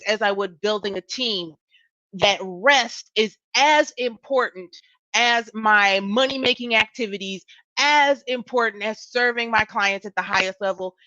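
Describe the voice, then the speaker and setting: A woman in her thirties, a business coach hosting her show, telling a personal story in a lively, laughing way with lots of repetition. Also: fairly high pitch, no echo, dull audio. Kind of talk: casual solo talk to camera.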